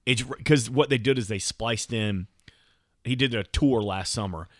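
A man co-hosting a casual podcast, telling animated stories. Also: mid-range voice, normal speed, dry recording. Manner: animated storyteller, mimics his wife in a raised voice. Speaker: podcast co-host. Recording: dry close mic in basement.

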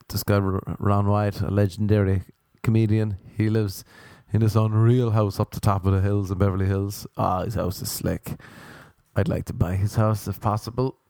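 A man doing rambling, jokey stand-up storytelling, sometimes jumping into high mock voices. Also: a little mellow, dry recording, clean studio sound. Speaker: stand-up comedian.

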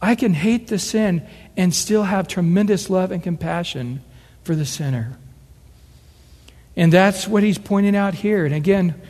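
A middle-aged man delivers a sermon in an earnest, conversational manner, slipping into quoted voices to make his point. His voice sits slightly high for a man. The sound carries a long reverb, as if filling a large hall. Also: unhurried, a little mellow. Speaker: preacher.

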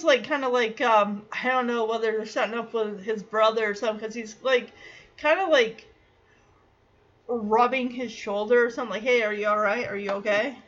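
Woman podcast host, high bright voice, chatty casual recap, slightly dull lo-fi sound. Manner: chatty, lots of "like", acts out quoted lines.

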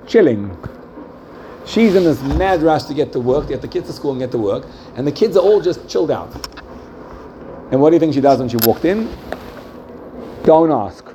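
A man teaching a class, telling a story with lively rises and soft drops and asking his listeners questions. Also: mid-range voice, highs cut off, a little hiss or hum. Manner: animated storytelling, rising excitedly and dropping softly. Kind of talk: lively lecture with questions to the audience.

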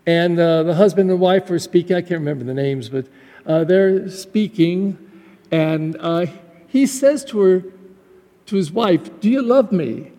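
A Catholic pastor, a man, preaches a graduation homily with a high yet mellow voice. He talks in a heartfelt, conversational way and often restarts his sentences. His words ring out with the long reverb of a church. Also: unhurried. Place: church during Mass.

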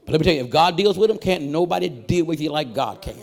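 Middle-aged male guest preacher with a high voice, fervent rhythmic sermon delivery built on repeated refrains. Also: animated, vocal fry. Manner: breaks into chanted delivery with drawn-out "uh" lead-ins.

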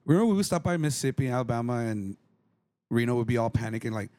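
Fast-talking man telling road stories. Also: mid-range voice. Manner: animated, swears freely, acts out quoted people. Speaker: podcast guest. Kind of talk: casual storytelling chat.

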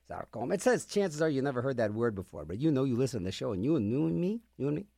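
A man's voice: medium pitch, big pitch swings, very fast, vocal fry, warm tone. A man hosting a radio music show, chatting casually between songs with rambling, sarcastic jokes. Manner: rambling, jokey, sarcastic asides.

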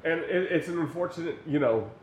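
A man from New co-hosting a podcast, telling a story with lively, acted-out quotes. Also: fairly quick, echoey room, slight background noise. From New York. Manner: animated storyteller acting out quotes in a high voice. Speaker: podcast co-host. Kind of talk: casual chat.

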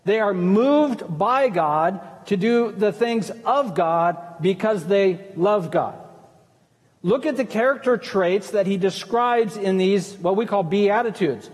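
A pastor with a high-pitched voice preaches slowly, keeping things conversational and asking his congregation questions. He is in a church sanctuary, and the hall's long reverb is clear in the recording.

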